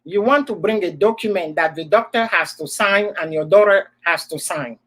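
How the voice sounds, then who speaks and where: A woman's voice: fairly low pitch, normal speed, fairly bright tone, slightly rough, poor audio. A woman with an African accent, telling a personal story as a host in a casual chat, repeating words for emphasis.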